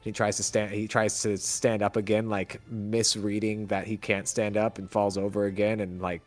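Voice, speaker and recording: Halting, low-voiced game master. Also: male voice, little pitch movement, soft background music. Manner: halting, full of fillers and restarts. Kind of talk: narrating a tabletop game.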